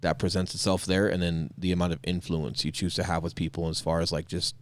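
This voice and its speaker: A man's voice: low-pitched, level tone, fast talker. A man hosting a podcast, chatting casually in a joking, irreverent way and laughing along with his guest. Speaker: podcast host.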